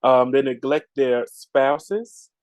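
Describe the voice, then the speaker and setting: A man's voice: mid-range voice, slow, no room sound, rough recording. A man co-hosting a podcast, riffing in a casual, preachy way with vernacular speech. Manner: animated, preachy riffing with Southern Black vernacular. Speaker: podcast co-host. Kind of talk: casual chat.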